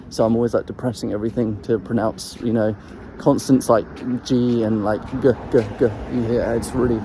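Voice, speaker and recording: Guy vlogging about singing, kinda rambly with lots of ums, warm low-key voice, bit of background noise. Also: poor audio. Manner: rambling, hesitant, full of ums and restarts; demonstrates throat sounds while talking. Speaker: voice coach sharing singing tips. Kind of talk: casual explanatory vlog.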